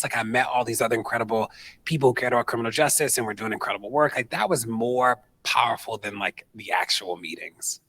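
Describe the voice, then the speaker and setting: A man in his thirties speaking on stage at an event, telling animated stories and acting out other people's voices in casual talk. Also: medium pitch, no echo. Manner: animated, quotes people in put-on voices, conversational with fillers. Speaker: activist speaker. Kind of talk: storytelling on stage, answering audience question.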